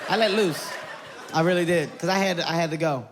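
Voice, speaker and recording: A man telling a stand-up comedy story, animated and loud, often laughing as he talks, recorded at a live show. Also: fairly high pitch, brisk, crowd noise. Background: loud audience laughter and noise.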